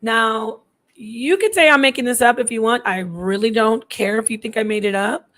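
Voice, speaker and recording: This woman in her thirties speaks at a normal speed in a somewhat bright, higher voice. Her personal story comes out chatty and meandering, with frequent restarts and acted-out quoted voices.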